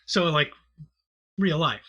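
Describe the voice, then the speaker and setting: A man's voice: a little high, lively intonation, slow, bright, forceful tone, slightly rough. A man co-hosting a comedy podcast, rambling through a movie recap in casual, profane chat full of fillers. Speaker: podcast co-host.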